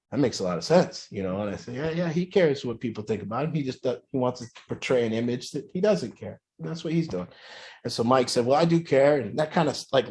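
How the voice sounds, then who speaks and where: A man telling a long personal story in a casual, rambling way, with many fillers and restarts, putting on a higher voice for quoted lines. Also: darkish tone. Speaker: group speaker telling a story.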